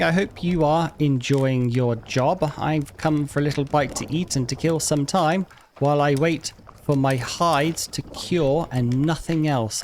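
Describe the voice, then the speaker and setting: Chatty man narrating his gameplay. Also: a little hiss or hum. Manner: chatty, talks to game characters, mock outrage in sudden high bursts. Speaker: gaming YouTuber. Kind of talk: casual gameplay commentary.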